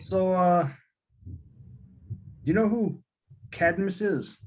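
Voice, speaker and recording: A man's voice: high-pitched, slow. A man playing a tabletop game over a video call, talking casually and hesitantly. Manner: hesitant, with fillers. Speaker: player.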